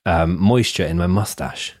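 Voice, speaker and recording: A man hosting a podcast in casual chat, reading reviews aloud in a lively, jokey way. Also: sits low, moderate pace, dry recording, clean studio sound. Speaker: podcast host.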